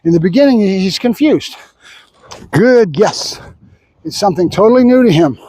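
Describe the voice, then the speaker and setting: A man working as a dog trainer, explaining his methods while he trains, chatty and full of quick repeated marker words like "good" and "nope". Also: high-pitched, expressive, dark tone. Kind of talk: instructional training narration.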